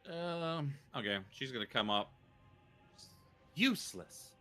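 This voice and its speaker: A man's voice: mid-range voice, sing-song, moderate pace, sharp tone. A man narrating as game master, rambling loosely with frequent ums and chuckles.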